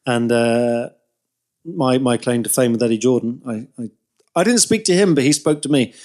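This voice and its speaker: A man's voice: mid-range voice, normal speed, a little mellow. A man in his thirties co-hosting a podcast, telling long rambling anecdotes in casual chat and laughing along. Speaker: podcast co-host.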